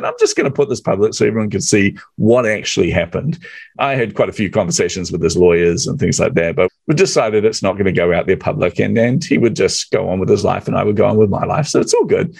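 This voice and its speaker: Animated male podcast host, low dry voice. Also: fast talker, creaky, breathy edge, no echo. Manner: animated storyteller acting out quotes, laughs often. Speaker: podcast host telling a guest story. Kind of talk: casual storytelling chat.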